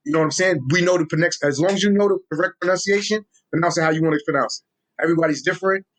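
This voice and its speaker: A young man speaking in a New York accent, in a somewhat raised voice. He talks in a casual, street-flavored way, full of energy, repeating words and restarting sentences as he explains things. He sounds relaxed and ready to teach. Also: fairly high pitch, very fast. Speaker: guest, social media Tolkien explainer. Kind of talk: casual interview talk.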